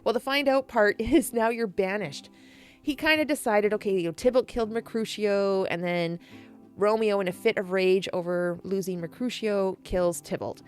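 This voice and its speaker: A woman casually retelling a classic play in a chatty, animated way, laughing and swearing often. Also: medium pitch, moderate pace, soft background music. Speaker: storyteller.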